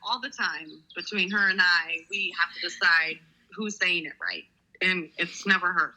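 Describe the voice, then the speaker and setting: A woman's voice: on the low side, moderate pace, bright, forceful tone. A woman chatting on a podcast, teasing her partner and laughing often. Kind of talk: casual podcast chat. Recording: dull lo-fi remote audio.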